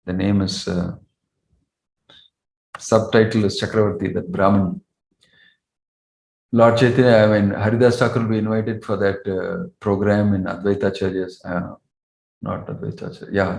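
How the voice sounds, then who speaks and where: A man's voice: sits low, level tone, moderate pace, gravelly, pauses often, a little mellow. A man, a monk, giving a devotional lecture in an earnest manner, telling stories and asking rhetorical questions. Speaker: monk and spiritual teacher. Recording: roomy echo.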